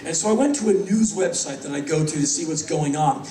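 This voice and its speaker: American man, fifties, live stage storyteller, wry and animated, high-pitched for a man, distant mic. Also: brisk. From United States. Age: 50s. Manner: wry, animated, acts out quoted voices. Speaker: spoken word performer. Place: large concert hall. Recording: echoey hall from far off.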